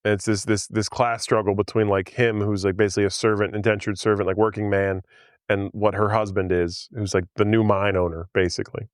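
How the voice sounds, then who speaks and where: A man's voice: lowish voice, level tone, a little fast, no room sound, clean studio sound. A man casually recapping a film on a podcast, rambling with many fillers and frequent laughs. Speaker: podcast host. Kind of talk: casual movie recap chat.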